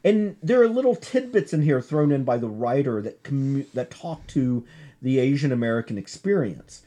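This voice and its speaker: A man's voice: medium pitch, lively intonation, moderate pace, mellow. A man giving a chatty class lecture on comics, full of asides and self-corrections.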